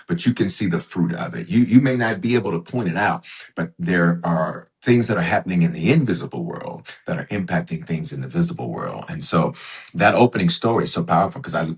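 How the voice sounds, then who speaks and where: A man, a bishop and author, talking as a podcast guest with a preacher's cadence, emphatic and repeating his phrases. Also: sits low. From United States. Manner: emphatic, repeats phrases, acts out inner voices. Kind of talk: conversational interview with preacher's cadence.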